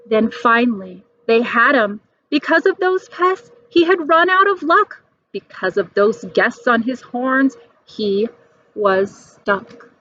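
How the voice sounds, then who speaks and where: A woman reading a rhyming storybook aloud in a lively, animated way. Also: a little high, takes it slowly. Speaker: storybook reader. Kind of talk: expressive storybook read-aloud. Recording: dull dry recording.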